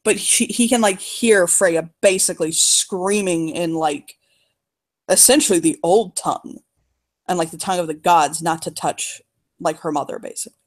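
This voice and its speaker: A woman's voice: fairly low pitch, normal speed. A young woman narrating a tabletop role-play as game master, talking casually with lots of fillers and laughter.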